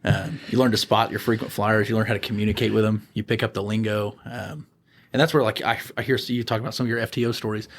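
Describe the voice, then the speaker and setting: Podcast guest, male, quick delivery, lively storyteller who voices the characters. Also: fairly low pitch, slight background noise. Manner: animated storyteller, acts out voices. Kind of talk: casual storytelling.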